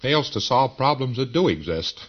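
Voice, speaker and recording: A man's voice: medium pitch, big pitch swings, normal speed, husky. Folksy man lecturing on old lo-fi tape. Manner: folksy and emphatic, with slang and repetition. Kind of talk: informal lecture.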